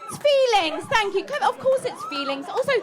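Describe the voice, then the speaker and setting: A woman delivers a chatty stand-up set, teasing the crowd and mocking herself. Her voice sits high and swings widely in pitch. The live club recording carries clear audience noise behind her. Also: huge pitch swings, normal speed. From England. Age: 30s. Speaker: stand-up comedian. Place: comedy club.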